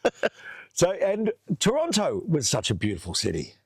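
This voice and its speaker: A man's voice: a little high, moderate pace, slightly rough, no room sound. A man hosting a casual chat, telling a long funny story with lots of laughing. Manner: animated storyteller doing voices, laughs often. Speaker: host. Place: outdoors under a tree.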